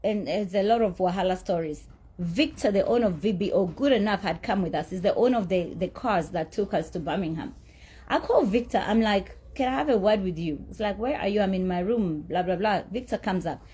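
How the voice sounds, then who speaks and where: A middle-aged celebrity tells her side of a dispute over an unpaid appearance, blunt, indignant and swearing freely in heated personal storytelling. Her medium-pitched voice is warm, expressive and a little fast, with slight background noise.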